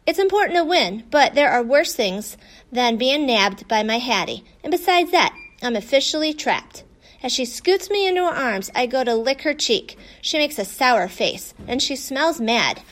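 Bright storybook narration by a woman. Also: sits high, normal speed. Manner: lively, voices the dogs' dialogue. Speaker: audiobook narrator.

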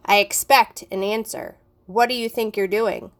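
A woman's voice: mid-range voice, expressive, measured pace, vocal fry. A woman voicing a smug male middle-school teacher who mocks a student in a theatrical, teasing way. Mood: stern.

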